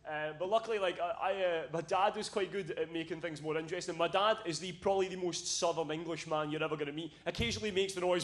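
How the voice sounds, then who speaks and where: A man's voice: fairly high pitch, brisk. A young man from Scotland doing a stand-up comedy set on a club stage, telling a story with lots of swearing and acted-out voices.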